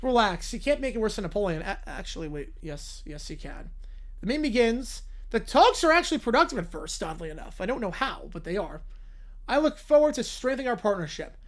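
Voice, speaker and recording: A woman's voice: mid-range voice, big pitch swings, fairly quick. A woman hosting a live stream, giving casual reaction commentary with sarcastic joking asides. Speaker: livestream host.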